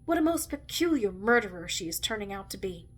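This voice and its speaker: A woman reading a novel aloud, voicing a stern, sharp-tongued witch in a curt, sardonic manner. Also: medium pitch, sing-song, brisk.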